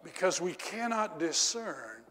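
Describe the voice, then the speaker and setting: A middle-aged male preacher telling a story in a sermon, swinging from loud exclamations down to low confiding tones. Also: very animated, slow pace. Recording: echoey hall reverb.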